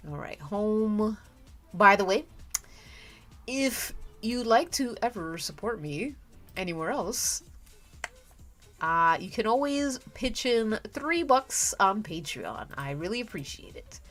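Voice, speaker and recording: A woman chatting through a live drawing stream at a slow, easy pace, with pitch that swings up and down. She giggles often and trails off, restarting her thoughts. Soft music plays faintly behind her. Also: animated. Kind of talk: casual livestream chat while drawing. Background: faint background music.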